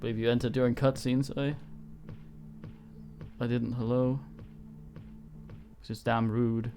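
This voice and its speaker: A man's voice: mid-range voice, level tone, normal speed, warm tone, faint music behind. A man streaming a video game live, giving dry, sarcastic commentary and swearing often. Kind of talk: casual live gameplay commentary.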